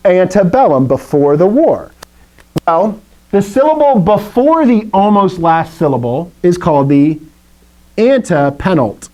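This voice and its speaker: A man's voice: high voice, big pitch swings, measured pace, dark tone, low-quality recording. A man from the American South teaching a Greek class, chatty and playful, with lots of asides. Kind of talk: classroom lecture.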